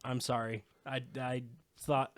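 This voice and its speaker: A man's voice: mid-range voice, level tone, a little slow, clear, resonant tone, dry recording. A man co-hosting a podcast, telling rambling stories in casual chat with frequent swearing. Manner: rambling, profane storytelling. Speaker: podcast co-host.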